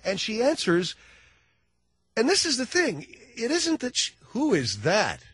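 A middle-aged male radio host with a high, husky voice rambles through a sarcastic comic monologue. His pitch swings widely, and the sound is dry and close on the mic. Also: huge pitch swings, measured pace, fairly bright tone, dry recording. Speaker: radio talk show host. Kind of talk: comedic talk radio monologue.

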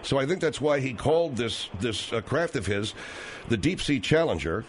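A man's voice: mid-range voice, lively intonation, moderate pace, slight background noise. A man hosting a talk radio show, patiently insisting on his facts with many fillers. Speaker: radio host.

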